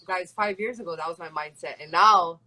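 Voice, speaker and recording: Bright-voiced chatty woman. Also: lowish voice, a little fast, low-quality recording. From Hawaii. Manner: chatty and rambling, full of "like" and "you know". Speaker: MMA fighter and guest. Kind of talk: casual interview chat.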